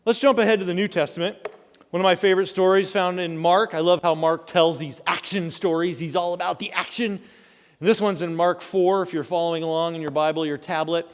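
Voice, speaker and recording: A man preaching a sermon as pastor, animated and storytelling, often asking the congregation questions. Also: high-pitched, fairly quick. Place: church sanctuary. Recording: long church hall reverb.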